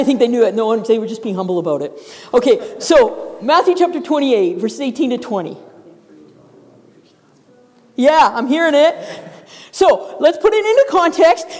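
Woman preaching in a reverberant hall. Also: high-pitched. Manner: lively storytelling, acts out voices of characters. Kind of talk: sermon. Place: church sanctuary. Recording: long reverb of a large hall.

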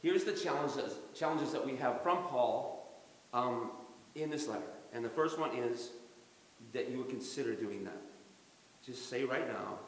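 A man preaching a sermon as pastor in a church, animated, acting out quotes and chuckling often. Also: medium pitch, unhurried, a little hiss or hum. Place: church sanctuary during a service. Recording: very echoey hall reverb.

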